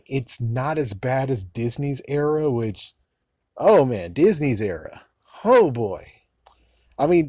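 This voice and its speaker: A man's voice: fairly high pitch, darkish tone, no echo, studio quality. A man giving casual, ranting reaction commentary, swearing often and laughing between remarks. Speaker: YouTuber giving opinions.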